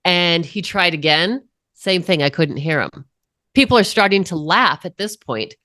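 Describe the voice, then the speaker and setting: Earnest woman, lower voice. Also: lively intonation, sharp tone, no room sound, clean studio sound. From Colorado, USA. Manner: earnest, unhurried, with emphatic pauses. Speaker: podcast guest. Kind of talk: personal storytelling in an interview.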